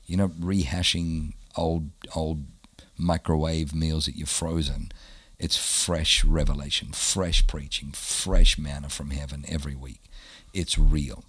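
Deep husky Australian man. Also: unhurried, few pauses, no echo. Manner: animated storyteller acting out quoted voices. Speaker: pastor. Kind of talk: casual storytelling interview.

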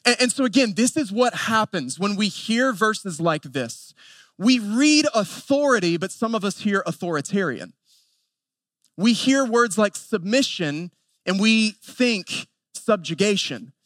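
Picture a pastor in his thirties with an Appalachian North Carolina accent, his voice sitting high for a man. He preaches earnestly, stacking up lists with pointed pauses, and the sound is dry and close with almost no room around it. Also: very animated, fairly bright tone, no room sound. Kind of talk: sermon.

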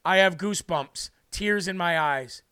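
A man with a high, bright voice preaches on a livestream, deeply moved and close to tears. He talks slowly and fervently and repeats words for emphasis. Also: clear, resonant tone. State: tearful, moved. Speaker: livestream host.

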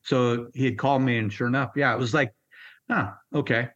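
A man's voice: medium pitch, fairly even intonation, fast, lo-fi sound. A middle-aged man, a Marine veteran, telling war stories bluntly in an interview, swearing and acting out the dialogue. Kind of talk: storytelling interview.

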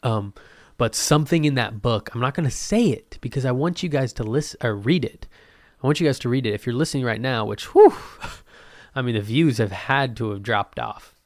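A man's voice: mid-range voice, dry recording. Casual young male vlogger, profane and jokey, medium voice, dry close recording. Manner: loose, profane, joking, puts on quick voices. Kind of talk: casual chat to camera.

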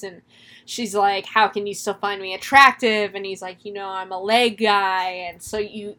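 A woman recapping a horror film in casual chat, animated, laughing often and swearing freely. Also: mid-range voice.

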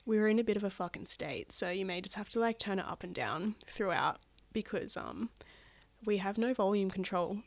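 A woman's voice: medium pitch, moderate pace, gravelly, no echo. A woman with a cold-congested voice, a podcast guest chatting with sarcastic, chaotic humor. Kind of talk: casual chat.

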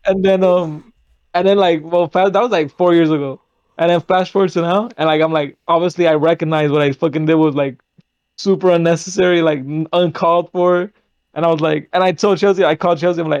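A man's voice: fairly high pitch, fairly even intonation, fairly quick, a little mellow, clear, resonant tone, no echo, lo-fi sound. A young man hosting a podcast, telling a story in a rambling, casual way full of fillers and swearing. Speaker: podcast host. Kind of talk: casual chat.

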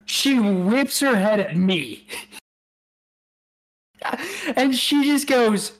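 A man's voice: high voice, lively intonation, extremely slow. A man co-hosting a podcast, telling a rambling anecdote in casual chat, laughing often and acting out what people said. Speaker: podcast co-host.

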